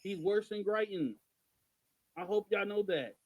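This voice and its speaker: Man, podcast co-host, exasperated, emphatic, ranting, a bit high-pitched. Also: measured pace, a little mellow, rough recording. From Missouri. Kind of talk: casual podcast chat.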